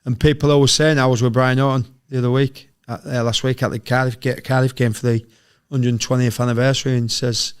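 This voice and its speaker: A middle-aged man from England, a former footballer and podcast guest, telling sweary, animated anecdotes in casual chat. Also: mid-range voice, a little fast, hardly any pauses, smooth. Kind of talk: casual storytelling.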